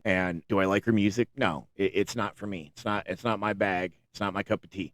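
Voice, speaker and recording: Profane, ranting man with a low voice. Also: dry recording, clean studio sound. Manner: profane, exasperated, rambling with restarts. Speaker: commentary channel host. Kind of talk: casual reaction rant.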